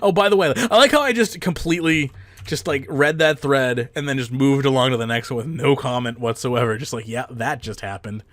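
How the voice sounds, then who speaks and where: A young adult man hosting a casual podcast, quick and self-mocking, ranting with bursts of laughter. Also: medium pitch, a bit bright, dry recording. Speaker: podcast host.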